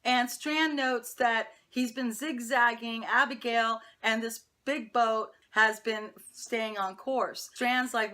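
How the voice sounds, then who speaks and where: A woman's voice: fairly high pitch, steady tone, slow pace, few pauses, bright, forceful tone. A woman reviewing a TV episode, chatty and opinionated, talking straight to her viewers. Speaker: TV show reviewer. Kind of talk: casual episode recap.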